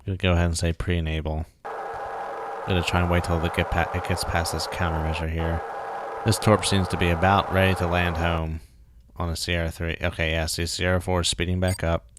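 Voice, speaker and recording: A man's voice: sits low, flat delivery, fairly quick, background noise. A man casually thinking aloud while streaming a game, muttering and joking at himself. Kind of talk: casual live gameplay commentary.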